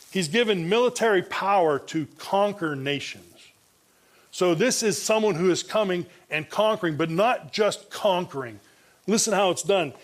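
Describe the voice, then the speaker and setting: A male pastor preaching an expository sermon, reading and comparing Bible translations, often restarting his phrases. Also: high-pitched. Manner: frequent restarts and repeated words.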